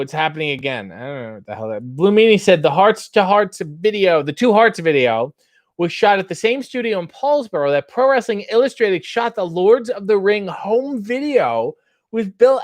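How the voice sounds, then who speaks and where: A man's voice: fairly high pitch, no echo. A man hosting a casual livestream, reading viewer comments aloud and riffing on them with wry, playful asides. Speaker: streamer, show host.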